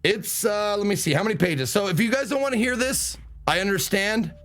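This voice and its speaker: A man streaming a game live, chatting excitably, swearing casually and reading the game's text aloud. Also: high voice, a little fast, soft background music. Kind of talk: live let's play commentary.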